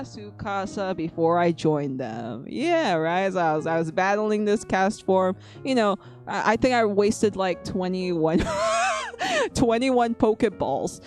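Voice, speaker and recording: A woman's voice: mid-range voice, big pitch swings, a little slow, darkish tone, faint music behind. A woman chatting casually on a live stream, rambling and restarting her sentences.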